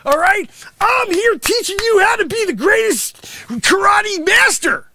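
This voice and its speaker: A man playing a brash, greedy karate sensei who shouts, hard-sells and scolds his class in an improvised comedy bit. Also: very high voice, lively intonation, unhurried, no echo, full character voice. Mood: scolding bombastic. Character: brash loud-mouthed male karate sensei, greedy and bossy. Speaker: host. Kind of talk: improvised comic character monologue.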